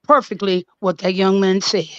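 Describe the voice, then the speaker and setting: A woman's voice: mid-range voice, level tone, moderate pace, no echo, lo-fi sound. Cheerful woman in her sixties calling in. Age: 60s. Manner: cheerful, laughs easily, folksy. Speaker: caller. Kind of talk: call-in chat.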